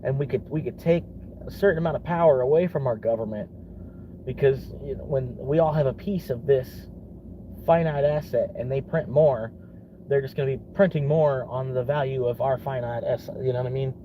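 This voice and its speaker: A man's voice: medium pitch, brisk, mellow, slight background noise. A young man from Florida in a casual rambling vlog, swearing often and laughing between thoughts. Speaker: vlogger.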